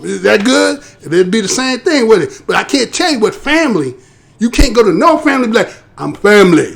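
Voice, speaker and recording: A man's voice: very high-pitched, vocal fry, fairly bright tone. An American man hosting a live show, giving casual commentary in a talkative, rhetorical way and often tagging his points with a question. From United States. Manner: conversational, rhetorical, tags points with "right?".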